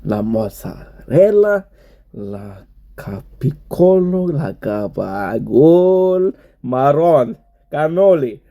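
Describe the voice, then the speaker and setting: A man voicing a loud, hammy caricature of an Italian man with an exaggerated put-on accent. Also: high voice, fairly even intonation, slow, muffled recording, voice pushed up. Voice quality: over-the-top put-on mock-Italian accent.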